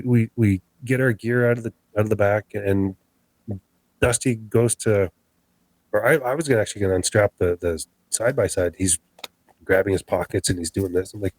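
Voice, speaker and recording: A low-pitched man tells a first-hand story of a scary night outdoors, his delivery lively as he acts out every line of dialogue. The sound is dry and close, with no room around him. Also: no echo, rough recording. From Canada. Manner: animated, acts out quoted dialogue. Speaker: podcast guest. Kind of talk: storytelling an encounter.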